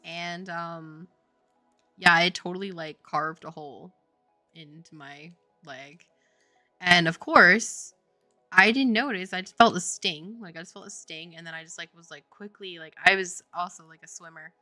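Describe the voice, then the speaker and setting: Bright-voiced woman chatting on a dev stream. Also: fairly low pitch, measured pace, no room sound, faint music behind. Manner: rambling storytelling, heavy use of "like", frequent laughter. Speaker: game developer streaming her work. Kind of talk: casual chat on a livestream.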